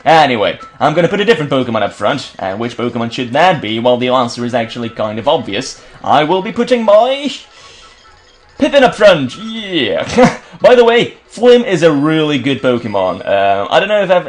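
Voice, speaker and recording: A young man from Belgium giving casual, joking game commentary and swearing freely. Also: medium pitch. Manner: swearing, joking, laughing at own voices. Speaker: let's-play host. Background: game music.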